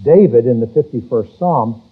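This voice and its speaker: A man preaching a sermon, reading scripture slowly and rising loud on key words. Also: mid-range voice, animated, slightly rough. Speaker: pastor. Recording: tinny phone-like church recording.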